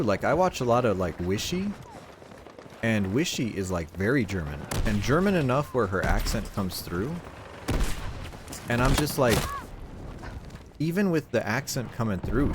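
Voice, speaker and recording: A young American man with a fairly low voice chats casually on a game stream, rambling with plenty of fillers and swearing. Loud game gunfire and other game sounds play behind his voice, making the background noisy.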